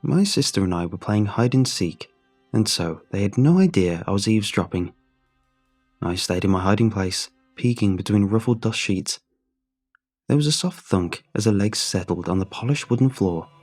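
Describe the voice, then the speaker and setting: Low-voiced man reading a horror story. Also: expressive, a little mellow. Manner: measured, somber. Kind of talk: scripted horror narration. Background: faint music.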